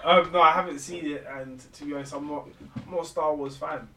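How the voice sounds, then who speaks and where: A man's voice: fairly high pitch, steady tone, a little fast, recorded from a distance, noisy background. A man with a London accent in a casual podcast chat, hesitant and rambling. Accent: London English. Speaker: podcast co-host.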